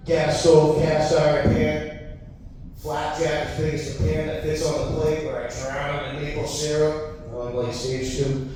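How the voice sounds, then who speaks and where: A man's voice: fairly high pitch, flat delivery, measured pace. A man from Massachusetts in his thirties doing a crude, rambling stand-up set, laughing at his own jokes. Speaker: stand-up comedian. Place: comedy venue with audience. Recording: echoey hall, far mic, faint noise.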